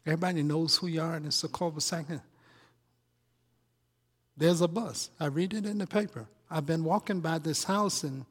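A man preaching in a church, his fairly high voice husky and a little rough. He keeps it conversational, throwing questions and asides at his congregation. A long reverb hangs behind every word. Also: normal speed, a bit bright. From Chicago. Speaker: pastor. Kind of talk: sermon. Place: church sanctuary.

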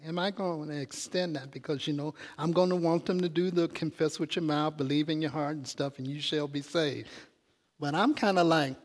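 A man's voice: on the high side, normal speed. A man preaching a sermon in a church, chatty and calling out questions to the congregation. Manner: conversational, calls out to the congregation. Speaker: pastor. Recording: long reverb of a church hall.

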